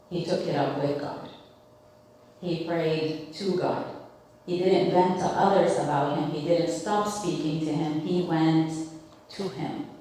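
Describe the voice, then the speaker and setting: Low-voiced woman teaching in an echoey room. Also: a little mellow. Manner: conversational, asks the group questions, many fillers. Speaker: Bible study teacher. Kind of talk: Bible study teaching. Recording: very echoey room, mic at a distance.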